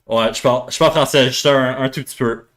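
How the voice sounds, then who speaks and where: A man's voice: mid-range voice, fairly even intonation, quick pace, a bit bright. Joking French Canadian man chatting on stream. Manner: joking, rambling, switches between English and French. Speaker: livestream host. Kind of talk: casual stream chat with chat readers.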